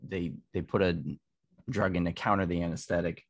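A male podcast host with a very low voice chats in a relaxed way and puts in his own remarks. His sound is close and dry, with no room sound. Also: normal speed, dry recording. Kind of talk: casual interview chat.

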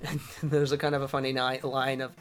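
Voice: mid-range voice, level tone, a little fast, faint music behind. A podcast host recapping an episode in casual chat, rambling with many restarts.

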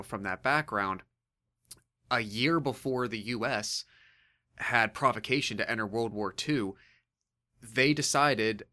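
A man's voice: on the low side, bright, forceful tone. A man co-hosting a podcast, explaining comic book history in a hesitant way with many fillers and restarts.

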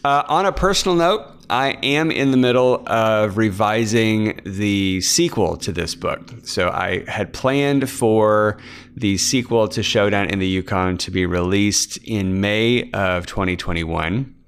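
Low, smooth-voiced man rambling. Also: unhurried. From Kansas, USA. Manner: rambling, many fillers and restarts. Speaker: author and podcast host. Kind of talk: casual behind-the-scenes chat.

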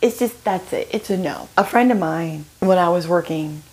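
A middle-aged woman hosting a solo podcast, telling stories in an animated way and acting out other people's voices. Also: on the low side, normal speed, breathy edge. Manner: animated, acts out quoted voices with laughs. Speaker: podcast host.

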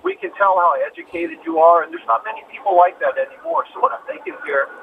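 A man's voice: very high voice, sing-song, fast, creaky. A man calling in to a radio show, talking hesitantly with many fillers and an admiring tone. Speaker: radio caller. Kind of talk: call-in conversation. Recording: tinny phone line with faint hiss.

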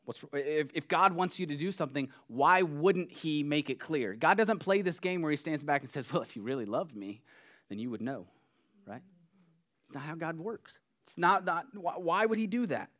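Male pastor preaching, earnest and chatty, soft then emphatic. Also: fairly high pitch, normal speed. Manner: earnest, conversational, swings between soft and emphatic. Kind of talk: sermon.

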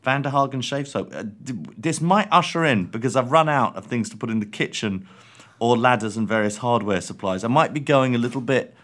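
A man from England co-hosting a podcast, dry and deadpan, talking with hesitant ums. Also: medium pitch, fairly quick. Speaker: podcast co-host. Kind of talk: casual comedic chat.

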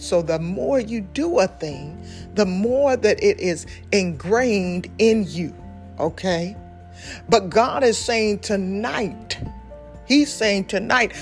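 A woman preacher speaks in an unhurried, deliberate way, leaning on each repeated phrase with fervent emphasis. Her voice sits at an ordinary pitch for a woman. Soft music plays faintly behind her. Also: expressive. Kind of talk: sermon with sung worship opening.

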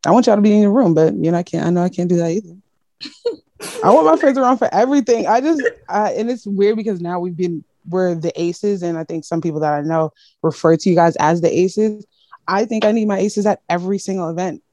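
A young woman chatting casually with friends in an animated way, repeating herself for emphasis. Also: fairly low pitch, quick pace, no room sound. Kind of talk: casual chat among friends.

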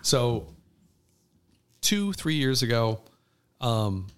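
A man on a casual podcast, telling a story with lively ups and downs in his voice. He trails off into fillers and picks the thread back up. His pitch sits in an ordinary middle range. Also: very slow, clean tone, soft background music. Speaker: podcast co-host. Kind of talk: casual chat.

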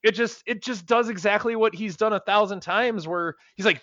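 A man's voice: sits high, brisk, few pauses, a bit bright, no echo, muffled recording. A man co-hosting a podcast, ranting in a profane, casual way about a film. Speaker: podcast co-host. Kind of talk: casual chat.

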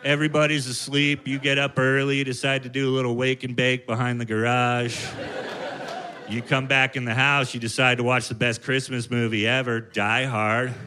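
A man's voice: medium pitch, flat delivery, moderate pace. A man in his fifties doing a profane, ranting stand-up comedy set on stage before a live audience. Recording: live set with loud crowd and room noise. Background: audience laughter.

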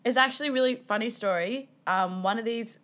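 A woman in her 20s co-hosts a podcast, speaking at a fairly high pitch and a little fast. She's an animated storyteller in casual chat, swearing a lot and acting out quotes.

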